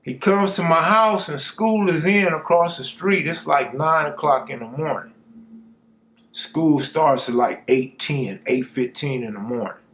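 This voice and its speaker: Man, storyteller, slangy, conversational, slightly high. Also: unhurried, a bit bright. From Los Angeles. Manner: laid-back, slangy, conversational. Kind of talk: casual street storytelling.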